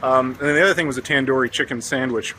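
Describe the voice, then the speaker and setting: A man's voice: medium pitch, very fast, pushed and bright, slight background noise. A man from the United States casually vlogging outdoors on town streets, chatty and joking with lots of fillers. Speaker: travel vlogger. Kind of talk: casual walking vlog.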